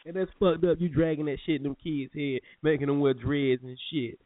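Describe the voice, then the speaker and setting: A man's voice: on the high side, fairly even intonation, brisk, dry recording. A man hosting a casual morning podcast, trading profane, joking banter. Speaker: podcast host. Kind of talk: casual chat. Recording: phone-like narrow sound.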